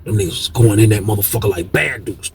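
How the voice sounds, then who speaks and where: A young man casually telling a story to his viewers, animated and slangy with heavy cursing. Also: fairly low pitch, fast, creaky, slight background noise. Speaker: storyteller host of a video channel.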